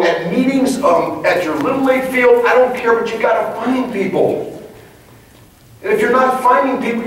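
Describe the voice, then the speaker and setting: A man leading a live leadership training talk to an audience, emphatic and conversational, acting out little dialogues. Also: a little high. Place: large meeting room before an audience. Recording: very echoey room, distant mic, faint ambience.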